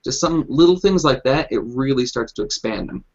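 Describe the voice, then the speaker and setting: A man explaining tips about voices and accents in a casual video call chat, pausing often with ums. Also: mid-range voice, expressive. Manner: explanatory, hesitant with many ums. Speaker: game master panelist. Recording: dull lo-fi video call audio.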